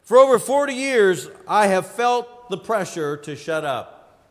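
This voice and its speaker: A man in his fifties preaching a sermon, with emphatic delivery, dramatic pauses and lists, in a church sanctuary. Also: high voice, big pitch swings. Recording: long hall reverb.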